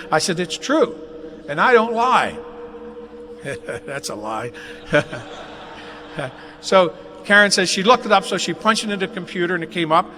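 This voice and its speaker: An older man tells stories and jokes at a dedication, his voice bright and a little raised above the usual. The sound carries the long reverb of a big indoor hall, with faint noise underneath from a live webcast. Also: high-pitched. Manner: folksy, jokey storytelling. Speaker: speaker at a dedication ceremony. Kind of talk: anecdotal speech. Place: large indoor athletic facility.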